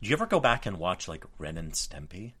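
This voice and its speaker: A man in his forties co-hosting a podcast, telling stories in an animated, profane, self-mocking way. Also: low voice, fast talker, very noisy. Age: 40s. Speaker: podcast co-host. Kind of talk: casual chat.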